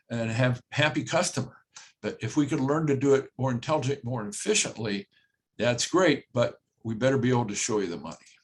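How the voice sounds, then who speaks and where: An older man, a home builder, presents a workshop in a plain-spoken, conversational way, often repeating his key phrases and pausing with "uh". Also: mid-range voice. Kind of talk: conversational webinar talk.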